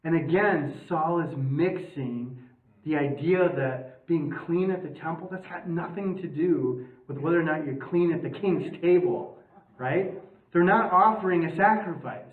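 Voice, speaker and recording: A man's voice: a little high, a little slow. Man teaching a Bible class over a tinny, echoey recording. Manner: chatty and joking, asks the class questions. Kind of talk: casual Bible class lecture. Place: parish meeting room. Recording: tinny, echoey room, mic far off.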